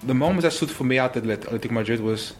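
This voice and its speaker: A man, a former footballer, telling stories in an interview, animated and full of exclamations. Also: medium pitch, racing, music in the background. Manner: animated, exclaims often, restarts sentences. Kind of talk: casual interview storytelling.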